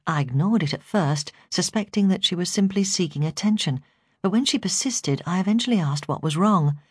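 A woman who is a foster carer narrating her memoir as an audiobook, in a steady, measured way. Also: lowish voice, breathy edge, no room sound, clean studio sound.

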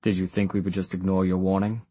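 A man voicing a stern, commanding male warrior leader who speaks in a clipped, gruff way. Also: low voice, level tone, quick pace, warm tone, no room sound. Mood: questioning.

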